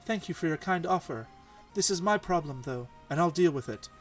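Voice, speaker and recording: A man voicing a proud, direct young woman warrior in a quiet, matter-of-fact way, reading game dialogue. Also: on the high side, lively intonation, brisk, soft background music, close to an everyday voice. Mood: firm.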